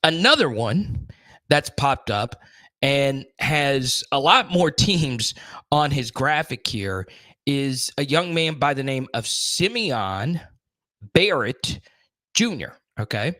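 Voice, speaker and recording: An energetic young man talks through a college sports live stream in a loose, chatty way and calls out viewers by name. His voice sits at an ordinary middle pitch. The sound is dry and close, as if from a desk mic at home. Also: slow pace, no room sound. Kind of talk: casual live-stream chat.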